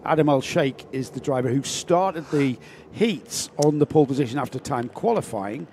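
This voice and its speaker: A man's voice: mid-range voice, lively intonation, moderate pace, darkish tone, a little hiss or hum. A man co-commentating a live karting race, talking steadily and reading out the grid order.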